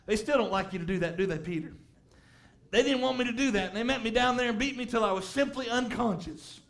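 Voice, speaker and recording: A man preaching a sermon, telling a story and rising to shouts of emphasis. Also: very high-pitched, fast. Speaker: pastor.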